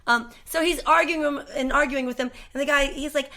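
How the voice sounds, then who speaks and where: A woman's voice: sits high, fairly even intonation, brisk, bright, forceful tone. A woman musician on a podcast, telling a story in a loose, laughing way and swearing freely. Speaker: guest, musician. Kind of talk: casual podcast chat.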